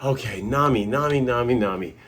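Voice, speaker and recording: A man voicing a gruff young male swordsman from a pirate cartoon, muttering low grumbles. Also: a little fast, fairly bright tone, slight background noise, close to an everyday voice. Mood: grumbling.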